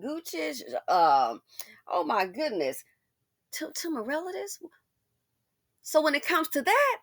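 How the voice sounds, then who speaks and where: A woman's voice: fairly high pitch, sing-song, a little slow, fairly bright tone, dry recording, studio quality. A woman hosting a casual commentary, talking straight to her listener in a sassy, outspoken way. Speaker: commentary channel host.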